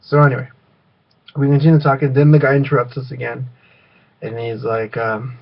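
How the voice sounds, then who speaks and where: A man's voice: medium pitch, level tone, normal speed, vocal fry, pauses often, lo-fi sound. A man telling a rambling story in a casual vlog, full of fillers and restarts. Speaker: vlogger.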